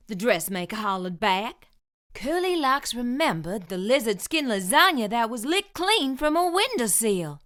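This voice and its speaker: Bright, lively woman reading a kids' book. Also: fairly high pitch, a little slow. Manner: expressive, lively storytelling. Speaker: storyteller reading to children. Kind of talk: children's picture book read-aloud.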